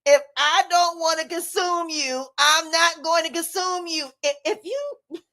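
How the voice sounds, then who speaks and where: A woman speaks straight to her camera in a casual vlog. Her voice sits high, and she sounds defiant and emphatic. She circles back over the same points and breaks into laughs. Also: fairly even intonation, measured pace, bright, forceful tone. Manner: defiant, emphatic, repeats herself, laughs often. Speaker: vlogger, life coach.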